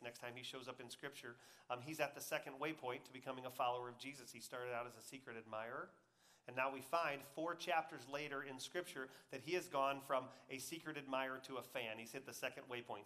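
A man preaching a sermon, swinging between loud emphatic peaks and quiet, intimate asides, and acting out quoted voices in a conversational way. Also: medium pitch. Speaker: pastor.

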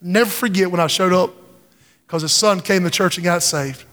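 A middle-aged man preaching a sermon in a large church, swinging from low, intense passages to loud, impassioned cries. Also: moderate pace. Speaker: pastor. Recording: church hall with long reverb.

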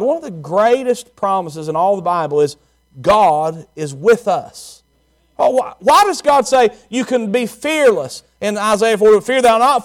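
Preacher, male, somewhat high voice; emphatic sermon delivery, repeats key words.

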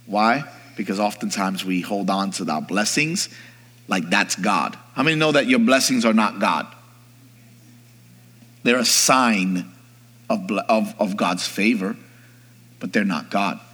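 A man preaching a sermon, swinging from hushed, slow reflection to rising, shouted exhortation, calling on the congregation to answer him. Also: lowish voice, in a large hall. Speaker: pastor.

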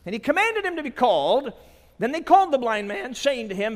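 A man preaching a sermon at a conference, dramatic, dropping to a hush and then rising to shouts. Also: sits high, sing-song, fairly quick. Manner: dramatic, swings from hushed to shouting. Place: large conference hall. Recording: long reverb of a large hall.

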